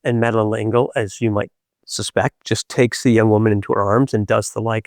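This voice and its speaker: A man hosting a podcast, telling reflective spiritual stories in an animated, playful way with many hesitations. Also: fairly low pitch, fairly quick, dry recording, studio quality. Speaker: podcast host.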